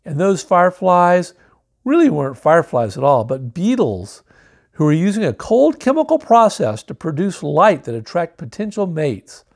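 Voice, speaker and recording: Male picture-book reader, animated and wry, slightly high voice. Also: moderate pace, gravelly. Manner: wry, joking asides. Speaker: storybook reader. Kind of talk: reading a picture book aloud.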